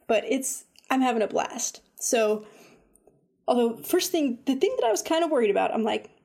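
A woman chatting casually about a game she has been playing, full of "like" and "um", animated when she retells her own reactions. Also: on the high side, moderate pace, gravelly, slightly rough. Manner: chatty, lots of fillers like "like" and "um". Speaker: video game reviewer. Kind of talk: casual chat.

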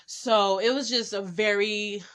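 Bright-voiced Bay Area woman telling a story. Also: medium pitch, measured pace. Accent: San Francisco Bay Area. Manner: candid, animated, speaks straight to listeners. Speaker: podcast host. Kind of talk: casual storytelling.

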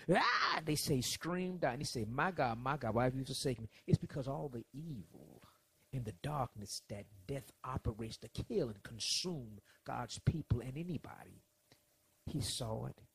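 A man preaching a sermon, swinging between soft lines and loud ones as he acts out quotes. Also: medium pitch, moderate pace, husky, dry recording.

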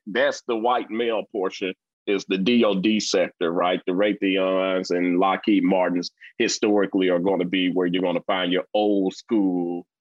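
A man in his forties with a Mississippi accent, a guest in a casual interview who tells stories bluntly and talks fast. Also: deep voice, dry recording. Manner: blunt, animated storyteller, fast-talking. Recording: dull lo-fi dry recording.

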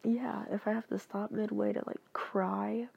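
A woman's voice: mid-range voice, flat delivery, a little slow, vocal fry, darkish tone, slightly rough, dry recording, highs cut off. A woman hosting a casual copypasta reading, talking hesitantly with many fillers and asides.

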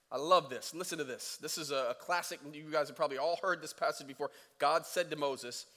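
A male pastor preaching a sermon in a conversational, energetic way, acting out scripture scenes. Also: fairly high pitch, brisk, hardly any pauses. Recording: echoey church hall.

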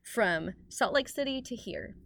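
A woman co-hosting a podcast in casual chat, playful and giggly, sometimes bursting into loud excited bits. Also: fairly high pitch, measured pace, vocal fry, no room sound. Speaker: podcast co-host.

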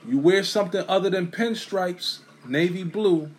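A man talking casually and profanely about sports fans, swinging between loud bursts and low mutters. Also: moderate pace. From New York.

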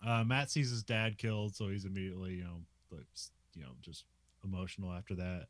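A man's voice: low-pitched, fairly even intonation, brisk, no room sound. A man casually recapping a film's plot on a podcast, laughing often between his sentences and filling gaps with uh and like. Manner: laughs often, many fillers, plot summary. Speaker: podcast co-host recapping a film. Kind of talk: casual film recap chat.

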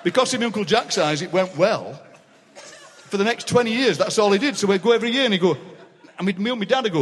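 With a higher-pitched Yorkshire voice, a man in his 60s rattles off quick, animated anecdotes, laughing and doing voices as the guest poet in a comic live interview. The large city hall, packed with a live audience, adds echo, and background noise can be heard.

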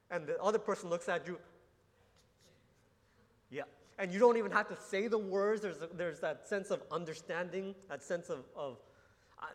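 Pastor preaching in a reverberant hall. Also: male voice, fairly high pitch. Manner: earnest teaching tone with frequent restarts and rhetorical questions. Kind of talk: sermon.

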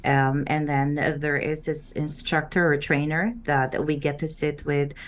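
A low-voiced woman from the Philippines, whose first language is Filipino, answers interview questions conversationally as a guest and former call center agent. She sounds earnest and unhurried, with little pitch movement and filler pauses.

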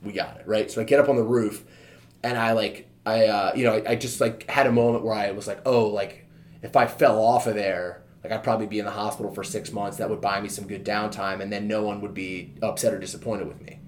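A man's voice: fairly low pitch, fairly even intonation, brisk, darkish tone. Candid man telling a personal story. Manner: candid, heavy filler use, swears casually. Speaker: podcast guest, fitness trainer. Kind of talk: casual conversational storytelling.

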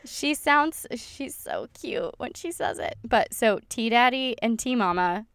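A woman's voice: on the high side, expressive, a little slow, gravelly, fairly bright tone, dry recording. A woman with a Southern American accent co-hosting a podcast, chatting in a gushing, friendly way and reading listener emails aloud. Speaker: podcast co-host. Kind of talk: casual chat.

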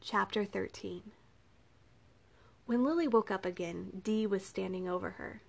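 A woman narrating a novel in an even storytelling manner. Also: medium pitch, measured pace, gravelly. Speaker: audiobook narrator. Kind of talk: scripted narration.

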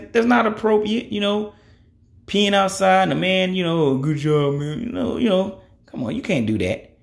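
A man's voice: high-pitched, gravelly. A man in his thirties giving his opinions in a blunt, conversational monologue, cussing freely and leaning on "you know.". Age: 30s. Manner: frequent "you know" fillers. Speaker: podcast host.

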